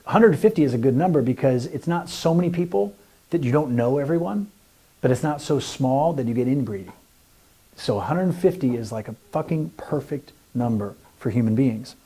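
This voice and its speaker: A man's voice: mid-range voice, animated, moderate pace, warm tone, breathy edge. A man co-hosting a podcast in casual chat, laid-back and explaining ideas. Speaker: podcast co-host.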